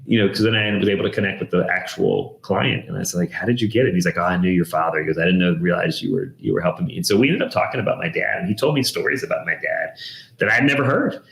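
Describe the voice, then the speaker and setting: Low-voiced male expert guest, animated anecdotes, roomy echo. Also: quick pace, vocal fry. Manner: animated storyteller, acts out quoted voices. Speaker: guest, downsizing expert and TV host. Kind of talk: casual interview storytelling.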